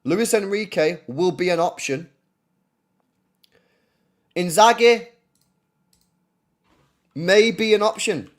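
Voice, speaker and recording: A man's voice: high-pitched, slow pace, pauses often. A man hosting a casual football livestream, blunt and profane, often repeating himself. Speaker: football channel host.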